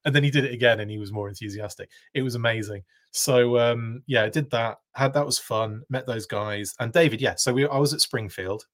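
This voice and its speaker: A man's voice: medium pitch, fairly quick, hardly any pauses, fairly bright tone. A man with a British accent hosting a live stream, telling a long rambling anecdote full of tangents. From United Kingdom. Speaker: live show host. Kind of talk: casual live-stream chat.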